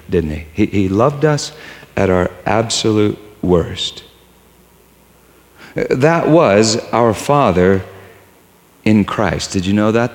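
A male preacher delivering a sermon in a storytelling way that builds to impassioned peaks. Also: fairly low pitch. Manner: storytelling, rising to impassioned climaxes. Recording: long hall reverb.

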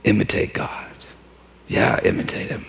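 A preacher playing a sly hushed devil. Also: male voice, medium pitch, animated, a little slow, gravelly, long reverb tail. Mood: coaxing. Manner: soft, hushed, coaxing. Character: sly hissing male devil whispering temptations.

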